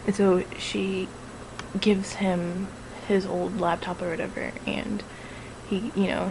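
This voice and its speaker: A woman's voice: on the low side, dark tone, slight background noise, rough recording. A woman casually recapping a film she watched, talking loosely, swearing often and breaking into giggles. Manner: giggly, profane, keeps breaking into laughter. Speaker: vlogger reviewing a film.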